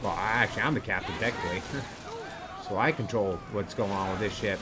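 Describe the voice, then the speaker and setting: A man's voice: fairly low pitch, heavy background noise. A man playing a video game and commenting, joking around and then swearing furiously at enemies. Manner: profane, quick to rage, swearing at enemies; joking, laid-back banter. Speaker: gaming streamer. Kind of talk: let's play commentary.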